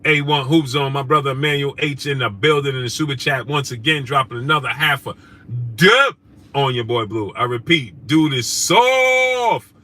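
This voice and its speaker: A man hosting a casual live stream, shouting out viewers by name in loose slangy talk. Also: mid-range voice, moderate pace. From New York. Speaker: host. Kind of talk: casual live-stream chat, reading super chats.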